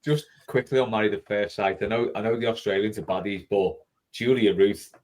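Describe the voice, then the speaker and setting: A man hosting a casual fan podcast, animated and swearing freely as he chats. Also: on the low side, fairly quick. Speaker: podcast host. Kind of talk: casual chat.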